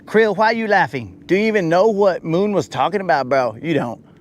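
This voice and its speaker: A man streaming live from a boat out on a lake, his voice sitting a little higher than most. He jokes and teases his viewers with playful mock drama. A faint hum of boat and water noise runs under the open-air recording. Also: expressive, a little fast. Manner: joking, teasing chat viewers, mock-dramatic. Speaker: fishing livestream host. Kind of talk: casual live-stream chat.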